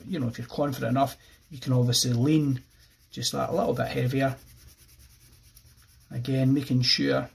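A man with an Irish accent explaining a pencil drawing step by step as he works, relaxed and thinking aloud. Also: mid-range voice, creaky, slightly rough. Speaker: art teacher. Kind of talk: drawing tutorial narration.

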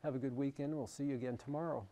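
A man's voice: medium pitch, steady tone, very fast, over loud music. A man with an American accent presenting a broadcast marine and weather forecast, talking it through loosely with frequent fillers.

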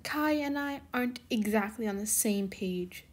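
A woman's voice: on the high side, animated, a little slow. A woman voicing a young teenage superhero girl in a fan fiction reading, speaking in raised, heated lines. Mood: weary. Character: young teen superhero girl, angry and upset.

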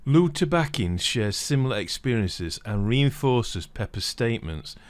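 A man narrating a scripted video essay in a steady reading voice. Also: medium pitch, measured pace, no echo. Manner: steady reading, livelier when reading quoted passages.

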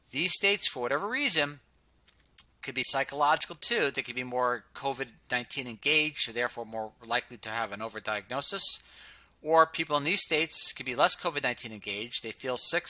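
Man, very sharp bright voice, dry close sound, sarcastic, casual data walkthrough. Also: mid-range voice, no room sound. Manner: sarcastic, hums filler sounds while scrolling. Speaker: presenter reviewing health data on screen. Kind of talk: casual screen-share commentary.

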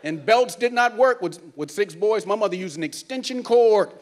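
A middle-aged man performing a stand-up comedy set on a theater stage, animated and acting out characters. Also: sits high, normal speed. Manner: animated, acts out characters, laughs along. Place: cruise ship theater stage.

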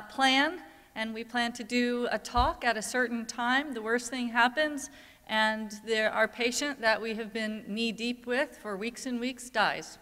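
A woman's voice: fairly high pitch, sharp tone. A woman giving a candid, conversational conference talk, telling a personal story to an audience. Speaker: conference speaker, parent advocate. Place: conference hall. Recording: long reverb from a large hall.

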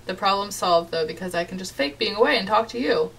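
A woman's voice: mid-range voice, animated, quick pace, gravelly, hardly any pauses, far from the mic, loud music behind the voice. Chatty young woman gaming commentator. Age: young adult. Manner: chatty, giggly, playfully dramatic. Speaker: gaming YouTuber. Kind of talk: casual let's-play commentary, reading chat aloud. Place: home bedroom.

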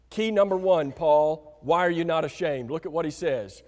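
A man preaching a sermon to a congregation, emphatic and slowing down to stress key words, often asking them direct questions. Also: sits high. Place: church sanctuary. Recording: reverberant church hall.

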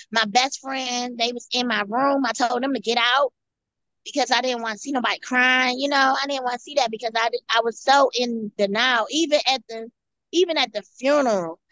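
A woman guest giving an earnest personal testimony, halting and often repeating or restarting her phrases. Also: fairly high pitch, pushed and bright, no echo. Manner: earnest storytelling.

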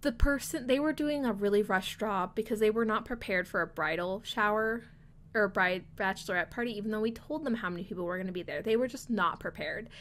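A woman's voice: mid-range voice, a little fast, fairly bright tone, slight background noise. A young woman telling a rambling story in a casual voice-over, chatty and often laughing between lines. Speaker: video creator.

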